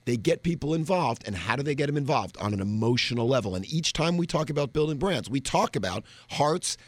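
A man's voice: medium pitch, animated, a little fast, no echo. A man speaking as a radio guest on branding, explaining in a confident, folksy way into a studio microphone. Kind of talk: casual on-air chat.

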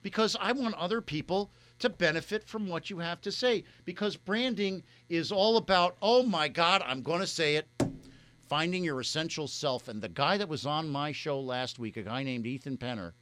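A man's voice: on the high side, normal speed, fairly bright tone, a little hiss or hum. A man hosting a radio show, talking in an effusive, emotional, rambling way into a studio microphone. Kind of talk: casual on-air chat.

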